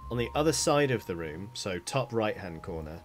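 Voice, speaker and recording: A man's voice: lowish voice, expressive, moderate pace. A man narrating as dungeon master, describing scenes loosely with lots of fillers. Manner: rambling, filler-heavy description. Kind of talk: narrating a tabletop game.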